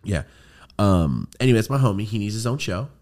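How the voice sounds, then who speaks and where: A man with a low, gravelly voice hosts a casual podcast chat. He tells a story with animated energy, swearing freely and slipping into voices when he quotes friends. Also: a little fast. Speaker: podcast host.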